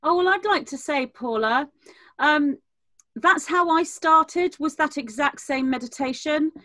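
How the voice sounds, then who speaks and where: A woman's voice: high voice, unhurried, bright, forceful tone, no echo. A woman guest on a video call, eagerly sharing a personal experience in a spiritual roundtable.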